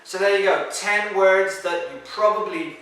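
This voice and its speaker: Man, English pronunciation teacher, bright forceful tone, heard from a distance in a very echoey room. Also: sits high. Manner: repeats words slowly and clearly as models. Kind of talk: pronunciation lesson.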